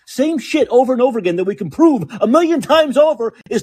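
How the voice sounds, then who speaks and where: Fast and barely pausing, a man with a very high, slightly mellow, breathy voice and lively intonation rants on his podcast. His political commentary is angry, sarcastic, and thick with profanity.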